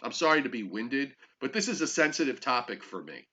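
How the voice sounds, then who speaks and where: An older man co-hosting a casual show, telling a story in an animated, exasperated way. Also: mid-range voice, brisk. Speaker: co-host. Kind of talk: casual chat. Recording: dull lo-fi sound.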